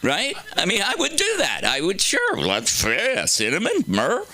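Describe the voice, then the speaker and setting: Wildly animated gravelly comedian. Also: male voice, high-pitched, a little slow, no echo, low-quality recording. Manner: animated, jumps between deadpan asides and loud exaggerated readings. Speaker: stand-up comedian. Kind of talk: stand-up comedy set. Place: comedy club stage.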